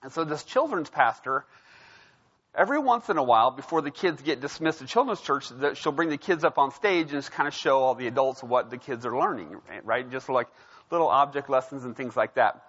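A pastor preaches a sermon in a casual, conversational style, telling a story and often checking in with the crowd with a frequent "right?". His mid-range voice is brisk, lively in intonation, fairly bright, and has a breathy edge. The recording has a dull lo-fi sound.

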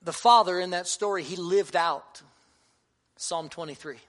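A man's voice: high voice, a little slow, a bit bright. A man in his thirties, a pastor giving a sermon to fathers, earnest and conversational with touches of humor.

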